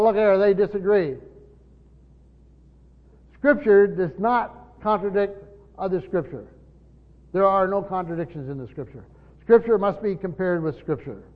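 A pastor teaching a congregation in a church, speaking emphatically and firing off rhetorical questions. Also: male voice, sits high. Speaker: pastor teaching Bible study. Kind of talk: teaching sermon. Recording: dull lo-fi recording with long hall reverb.

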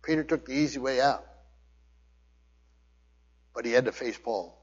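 In a dull recording with a long, hall-like reverb, a pastor delivers an emphatic sermon, breaking off and restarting as he unpacks a passage word by word. His mid-range voice is slightly rough and unhurried.

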